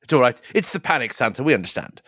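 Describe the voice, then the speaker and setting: A man's voice: medium pitch, sing-song, fast, fairly bright tone, husky, no room sound, studio quality. A man playing in a tabletop game, reassuring and playful. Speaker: player.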